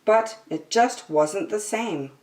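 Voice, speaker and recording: A children's storyteller, a woman with a mid-range voice, reads a picture book aloud with slow, expressive delivery. The recording sounds roomy and distant.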